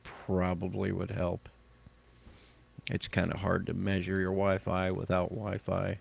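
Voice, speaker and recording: Gravelly-voiced man hosting a podcast. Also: deep voice, monotone, a little slow. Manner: joking, self-mocking, reads items aloud. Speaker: podcast host. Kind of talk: casual chat and reading tech news.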